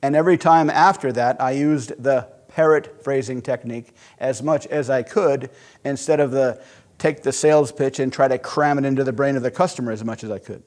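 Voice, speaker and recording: A man teaching sales psychology through a conversational, animated personal story. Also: medium pitch, normal speed. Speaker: sales instructor. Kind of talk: storytelling lesson.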